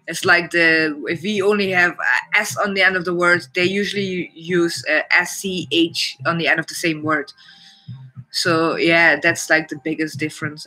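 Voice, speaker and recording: A man's voice: high-pitched, bright, forceful tone, rough recording. A man from the Netherlands with a Dutch accent, hosting a casual live stream chat in a blunt, opinionated way. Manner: blunt and opinionated, says "it's like" often.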